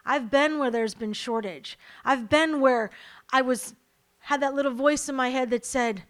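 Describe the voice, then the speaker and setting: Woman preacher, sermon, emphatic, repeats lines for emphasis, somewhat high voice. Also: measured pace. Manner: emphatic, repeats key lines, drops to a hushed whisper in prayer. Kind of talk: sermon with prayer. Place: church.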